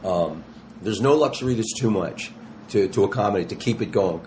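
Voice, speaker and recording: A man in his sixties with a fairly low voice, talking as a guest in a casual interview. He tells animated stories full of slang and acts out what others said, with a faint hum of noise behind him. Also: normal speed. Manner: animated, slangy storyteller who acts out quotes. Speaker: touring rock musician, guest.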